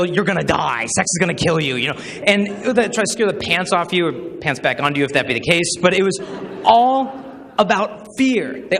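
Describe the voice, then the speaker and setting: Lively young man telling stories in a hall. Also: sits high. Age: 20s. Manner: animated, acts out quoted voices. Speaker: chastity speaker. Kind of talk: humorous storytelling talk. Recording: hall reverb with faint noise.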